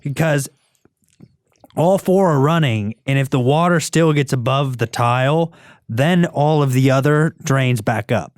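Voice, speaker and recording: A man's voice: mid-range voice, measured pace, no room sound, clean studio sound. A man in casual podcast chat, telling a long story and filling it with "like" and restarts. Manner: rambling storyteller, heavy use of "like".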